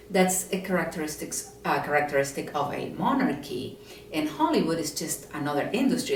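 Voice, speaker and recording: A woman's voice: lowish voice, slight background noise. A woman from Latin America with a Latin American Spanish accent, making an earnest, methodical case in an opinion vlog. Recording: roomy echo, mic at a distance.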